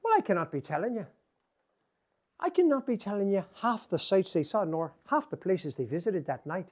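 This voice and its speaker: An Irish storyteller tells a folktale in a lilting, animated voice. He repeats phrases and pauses between them, keeping the telling lively. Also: high voice.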